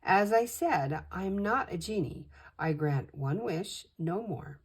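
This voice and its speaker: A woman's voice: slow pace, breathy edge, full character voice. An older woman voicing a timid female wish-granting spirit who frets nervously. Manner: nervous, fretful, high and excited.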